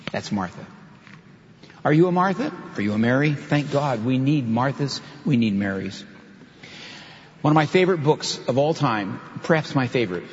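A man's voice: mid-range voice, a little hiss or hum. An older male pastor preaching a sermon, earnest and emphatic, with stresses that rise on key points. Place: church sanctuary. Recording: dull reverberant hall sound.

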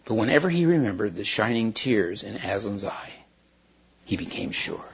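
Male storybook reader, husky tone, homey read-aloud with slips, dull lo-fi recording. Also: lowish voice, sing-song, moderate pace. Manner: storytelling with small stumbles and restarts. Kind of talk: reading a children's book aloud.

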